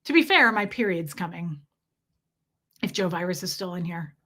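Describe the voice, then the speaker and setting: Bright chatty woman reading stream comments. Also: on the low side, expressive, moderate pace. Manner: chatty, rambling, self-mocking, full of "like". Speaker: livestream host. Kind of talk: casual chat, reading viewer comments.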